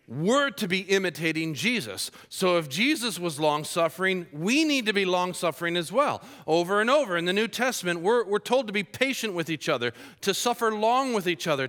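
Bright-voiced preacher in a reverberant hall. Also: male voice, on the high side. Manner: lively storytelling with humorous asides. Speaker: pastor. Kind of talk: sermon.

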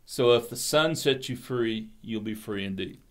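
A man teaching a Bible class, reading verses aloud and explaining them in a halting way, often repeating words as he starts a phrase. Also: medium pitch.

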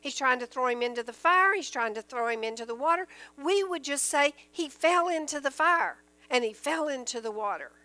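A woman leads a Bible study, reading scripture aloud and then explaining it in plain, earnest words. Her voice sits high and sounds bright and clear. A faint electrical hum runs underneath the recording. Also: lively intonation, moderate pace, few pauses, no room sound, poor audio. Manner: earnest, explains verses in plain everyday terms. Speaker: Bible teacher.

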